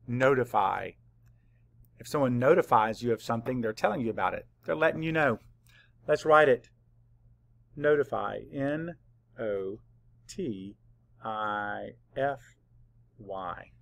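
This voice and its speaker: A man leads a children's spelling lesson at a very slow, patient pace, sounding out each letter. His voice has a gravelly edge. The sound is dry and close, with no room echo. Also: medium pitch. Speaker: third-grade teacher.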